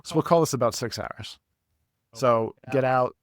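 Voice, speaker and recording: A young man on a podcast telling a long story casually, animated and profane, laughing at himself. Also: medium pitch, normal speed. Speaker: podcast co-host.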